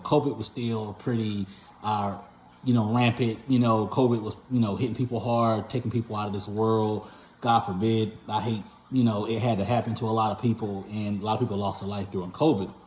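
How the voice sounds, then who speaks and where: A man with a lowish, darkish voice, recorded with slight background noise and a roomy echo. He owns a patient transport company and hosts a channel, and he tells his viewers a story casually, rambling along with plenty of fillers and self-corrections.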